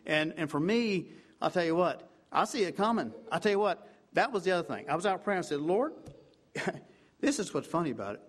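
A man preaching a fervent sermon in a fairly high voice. He leans on repeated asides and builds to loud, emphatic peaks, then drops to low, hushed passages. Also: big pitch swings, a little fast. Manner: fervent, repetitive preaching with "I tell you what" asides.

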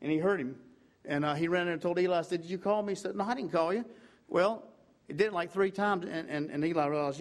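A man preaching a fervent sermon in a fairly high voice. He leans on repeated asides and builds to loud, emphatic peaks, then drops to low, hushed passages. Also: fast. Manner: fervent, repetitive preaching with "I tell you what" asides.

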